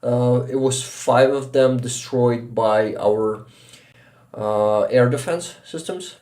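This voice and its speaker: A man with a Ukrainian accent chatting casually on a livestream, exhausted and halting, often restarting words. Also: medium pitch, dark tone. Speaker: livestream host.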